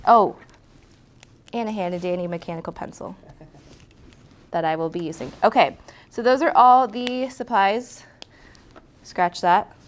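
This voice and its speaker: A woman's voice: medium pitch, a little slow, pauses often. A woman teaching a hand lettering tutorial in a chatty, encouraging way, often correcting herself mid-sentence as she shows her supplies. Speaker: lettering instructor. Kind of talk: casual hands-on tutorial.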